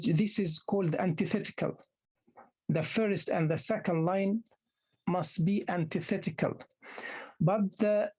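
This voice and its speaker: Male lecturer with a husky voice; patient, repeats key terms, restarts sentences. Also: sits high, darkish tone. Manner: often restarts phrases with hesitant fillers. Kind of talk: classroom lecture.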